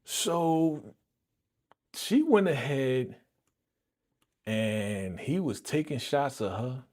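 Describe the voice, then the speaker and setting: Lively man reacting to a movie live. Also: medium pitch, extremely slow. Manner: animated, repetitive, exclaiming disapproval; slangy, addresses viewers directly. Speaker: reaction channel host.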